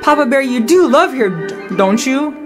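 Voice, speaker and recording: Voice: high voice, normal speed, pitched above the performer's own voice. A reader voicing a young boy bear cub navigator, urgent and pleading. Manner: pleading, excited. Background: background film-score music.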